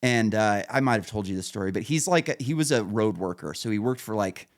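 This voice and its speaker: A man's voice: lowish voice, animated, fairly quick. A man hosting a podcast, telling rambling, profane stories in casual chat and laughing at his own punchlines. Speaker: podcast host.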